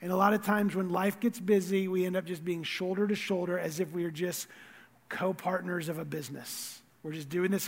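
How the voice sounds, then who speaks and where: A man preaching a sermon as pastor, earnest, repeating words and swinging from loud stress to quiet asides. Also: high-pitched, fairly even intonation, normal speed, gravelly, big-room sound.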